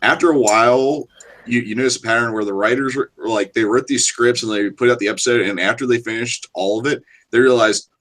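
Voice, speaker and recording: Animated man telling an anecdote. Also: mid-range voice, a little fast. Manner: animated, repeats words as he explains. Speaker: guest. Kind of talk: casual storytelling.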